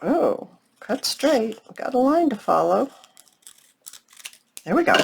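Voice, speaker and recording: A chatty woman walks viewers through a craft project at an unhurried pace, her pitch rising and falling in lively swings. She teases herself as she works. A faint hiss sits under her voice. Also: vocal fry. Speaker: crafting channel host. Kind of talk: casual craft tutorial.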